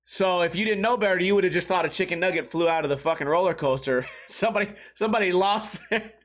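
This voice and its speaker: A man hosting a podcast, telling crude comic stories in a rambling way, laughing at his own jokes and acting out the people he quotes. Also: fairly bright tone. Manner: acts out quoted voices with sudden pitch jumps. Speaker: podcast host. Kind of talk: solo comedic storytelling.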